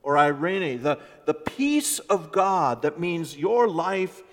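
Expressive male pastor in a reverberant church. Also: on the high side, slow pace. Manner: expressive, swinging from loud emphasis to soft hushed phrases. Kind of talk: sermon. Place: church sanctuary.

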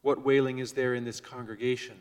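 Male pastor, mid pitch, sermon delivery; measured, soft-to-loud swings; church hall with long reverb. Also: little pitch movement. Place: church before a congregation.

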